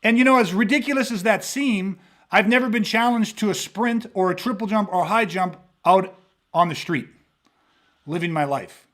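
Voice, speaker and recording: A man with a noticeably high voice talks through a casual podcast monologue as a self-defense instructor. He swears freely and tells his stories with animation, acting out the people in them. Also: normal speed. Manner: profane, animated storyteller acting out quoted voices.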